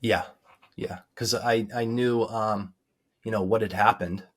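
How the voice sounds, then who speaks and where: A man with a lowish voice speaks as an interview guest. He recounts his story earnestly and reflectively, hesitating often with ums as he searches for words. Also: fairly even intonation, a bit bright. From United States. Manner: halting, many ums, sincere and reflective. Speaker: guest recounting a near-death experience. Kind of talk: earnest personal testimony.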